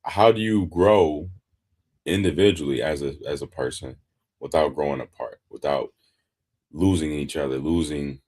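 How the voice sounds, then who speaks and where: A man from Detroit co-hosting a relaxed podcast with his wife, easygoing and explaining things in long, loose runs. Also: a bass voice, moderate pace. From Detroit, Michigan. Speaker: podcast co-host. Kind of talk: casual chat.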